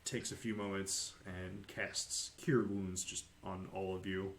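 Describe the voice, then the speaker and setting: A man running a tabletop game as game master, narrating slowly with many pauses and fillers. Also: deep voice, little pitch movement, a bit bright, a little hiss or hum.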